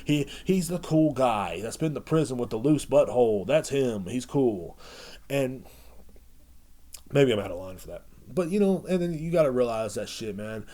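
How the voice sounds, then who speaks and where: A man's voice: medium pitch, animated, normal speed, dark tone. A man hosting his own podcast, ranting in a rambling, sardonic, profanity-heavy monologue. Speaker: podcast host. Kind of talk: casual rant monologue.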